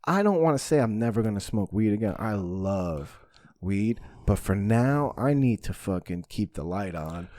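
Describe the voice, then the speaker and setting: A man hosting a podcast, telling a story in casual chat with lots of swearing and animated energy. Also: on the low side, normal speed, no echo, clean studio sound. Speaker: podcast host.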